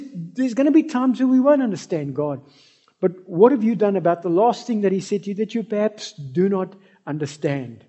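Husky-voiced preacher. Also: male voice, high-pitched, mellow. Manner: storytelling, addresses the congregation directly. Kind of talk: sermon.

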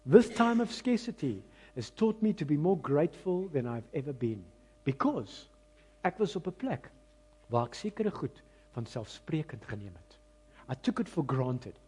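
A high-pitched, slightly rough voice belongs to a South African pastor preaching with an Afrikaans-mixed accent. He's self-mocking and speaks to his congregation conversationally, alternating loud, emphatic lines with hushed ones.

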